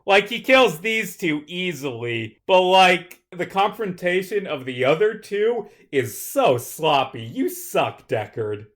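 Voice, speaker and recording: A man co-hosting a casual film-review podcast, with a voice sitting a little high for a man. He talks in animated, opinionated bursts, then drops into low, quieter asides. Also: takes it slowly, hardly any pauses. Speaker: podcast co-host. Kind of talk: casual movie review chat.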